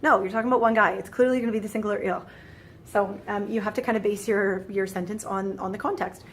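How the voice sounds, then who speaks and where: A woman's voice: medium pitch, fairly even intonation, fast, slight background noise. A woman giving a casual French grammar lesson, chatty and full of fillers, with playful exasperated asides. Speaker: French teacher. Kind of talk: casual screen-recorded lesson.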